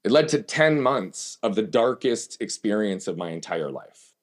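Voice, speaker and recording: A man's voice: fairly low pitch, very animated, moderate pace. Emphatic man telling his story. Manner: emphatic, candid, asks himself rhetorical questions. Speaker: podcast guest. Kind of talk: conversational interview storytelling.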